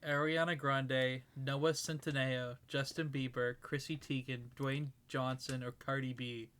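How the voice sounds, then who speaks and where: A Canadian woman co-hosting a podcast in casual chat, reading quiz questions aloud with a teasing, deadpan manner. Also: very deep voice, measured pace, clean tone. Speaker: podcast co-host.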